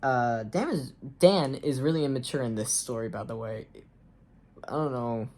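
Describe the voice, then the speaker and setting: Her voice is extremely low, warm, and at a normal speed as this young woman reads a story she wrote as a child. She keeps interrupting with sarcastic remarks, frequent ums, and uncertain trailing off.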